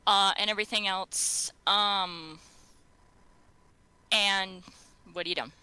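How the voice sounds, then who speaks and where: A woman's voice: mid-range voice, steady tone, takes it slowly, sharp tone, clear, resonant tone, dry recording, poor audio. A woman narrating a tabletop game as game master, rambling with many "um"s and restarts.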